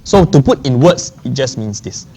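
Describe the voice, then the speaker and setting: A man's voice: mid-range voice, big pitch swings, moderate pace, mellow, slight background noise. A man lecturing a maths class. He often checks in with the class and repeats key phrases. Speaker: maths teacher.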